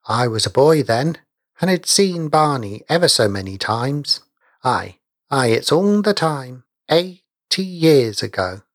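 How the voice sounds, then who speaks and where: A man voicing a very old village man who speaks shrilly, slowly and repeats himself. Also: sing-song, dry recording, clean studio sound. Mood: proud. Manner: shrill, slow, repetitive.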